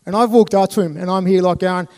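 An Australian man with a high-pitched voice gives a talk to a live audience. He tells his stories with animated energy, laughing and acting out the voices of the people in them. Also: quick pace. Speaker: speaker.

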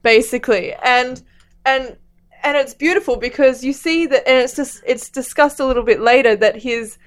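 A woman co-hosting a casual book-discussion podcast, retelling the plot hesitantly with many pauses. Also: high-pitched. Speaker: podcast co-host.

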